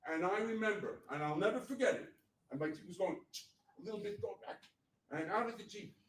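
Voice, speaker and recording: A man in his sixties telling a blunt, profane, motivational personal story as a guest speaker at a meetup. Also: high voice. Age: 60s. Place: event venue. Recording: echoey room mic from far off with faint noise.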